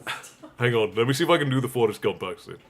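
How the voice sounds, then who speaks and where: A man's voice: mid-range voice, expressive, quick pace. A man hosting a casual livestream who laughs often and reads out viewer messages. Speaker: livestream host.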